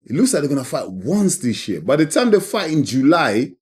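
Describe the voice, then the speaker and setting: A man's voice: on the high side, very animated, a little fast, darkish tone, husky. A man giving emphatic, repetitive opinions in a casual commentary vlog. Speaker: boxing commentator.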